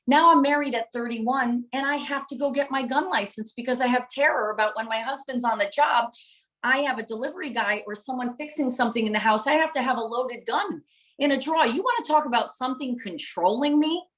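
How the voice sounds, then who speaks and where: A woman's voice: high-pitched, fairly quick, a bit bright, rough recording. A middle-aged woman giving a live motivational talk to viewers, passionate and preacher-like, driving points home with emphatic repetition. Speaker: motivational speaker and coach.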